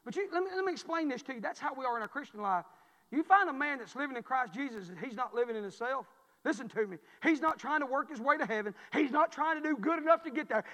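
Preacher, high voice, church reverb. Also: male voice, animated, quick pace, bright, forceful tone. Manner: emphatic, folksy, repeats phrases for emphasis. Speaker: pastor. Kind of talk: preaching a sermon. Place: church sanctuary. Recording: long reverb of a church hall.

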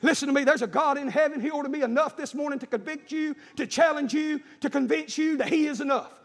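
A pastor with a strikingly high voice preaches in a church, swinging from shouted calls to heaven down to chatty, folksy stories. His words ring out with a long echo through the sanctuary. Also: quick pace. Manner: rising to shouted preaching, then dropping to folksy storytelling. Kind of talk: fiery sermon. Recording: echoey church hall.

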